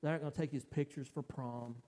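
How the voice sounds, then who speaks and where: A man giving an emotional personal testimony as a church speaker, telling his story in a halting way. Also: mid-range voice, steady tone, mellow. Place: church sanctuary. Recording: reverberant church hall.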